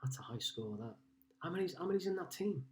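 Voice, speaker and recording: A man's voice: on the high side, lively intonation, fast talker, darkish tone. A man from Liverpool hosting a casual live-streamed pub quiz from home, chatting and greeting players by name as he reads out their scores. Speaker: quiz host.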